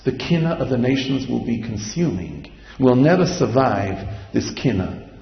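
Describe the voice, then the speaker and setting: A man with a gravelly, middle-pitched voice delivers an impassioned Torah lecture, weaving Hebrew phrases into his English. The recording is dull and lo-fi, with a long echo that rings as if from a large hall. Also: animated, a little slow. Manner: impassioned, quotes Hebrew and Yiddish-inflected terms. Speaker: rabbi. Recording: echoey hall, dull lo-fi sound.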